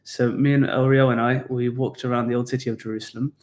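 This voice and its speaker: A man's voice: medium pitch, level tone, fast, darkish tone. A young British man, a tour guide, chatting on a live stream and explaining history in a rambling way with restarts. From England. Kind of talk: casual live stream chat.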